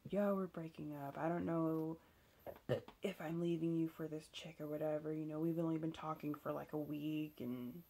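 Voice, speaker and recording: A woman's voice: low voice, steady tone, moderate pace, gravelly, warm tone. A young woman candidly telling a personal story, swearing freely and using lots of fillers. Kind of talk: casual storytelling.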